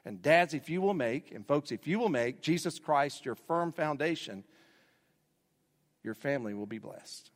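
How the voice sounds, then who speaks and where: A man's voice: fairly high pitch, animated, normal speed. A male pastor delivering a sermon, building emphasis through repeated phrases. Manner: preaching with rising emphasis and repetition. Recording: long hall reverb.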